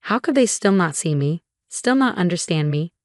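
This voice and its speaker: A woman giving a scripted first-person story narration in a smooth, steady reading voice. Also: on the low side, normal speed, dry recording, clean studio sound.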